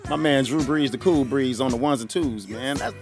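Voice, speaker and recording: A man hosting a casual solo podcast, animated and joking, who laughs often, breaks into bits of song and calls his listeners y'all. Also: mid-range voice, moderate pace, over music. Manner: folksy slang, addresses listeners as y'all. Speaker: podcast host.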